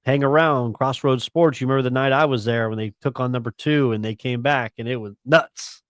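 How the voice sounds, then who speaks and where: A man talks through the week's games on a sports radio show in a relaxed, slangy way. His pitch sits in an ordinary middle range. The sound is dry and close, with no room around it. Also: fairly quick, no echo. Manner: laid-back, chatty, slangy. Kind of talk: casual sports talk.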